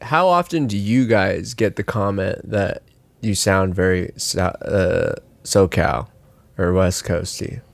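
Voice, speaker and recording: A man's voice: low-pitched, slow pace, gravelly, dry recording. Slightly nasal guy, dry podcast sound. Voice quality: a little nasal. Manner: hesitant, stumbling restarts. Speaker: podcast co-host. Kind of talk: casual chat.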